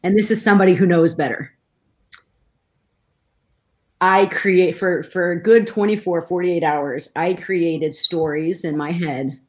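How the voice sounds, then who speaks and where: A woman's voice: on the low side, fairly even intonation, measured pace, pauses often. A middle-aged woman, a guest in a conversation, telling a personal story with emotion and many restarts.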